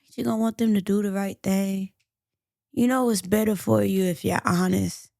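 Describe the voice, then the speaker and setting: A persuasive male detective playing good cop, calmly urging and coaxing, as a woman puts him on. His voice is a little gravelly and sounds close and dry. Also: medium pitch, normal speed, dry recording, lightly acted.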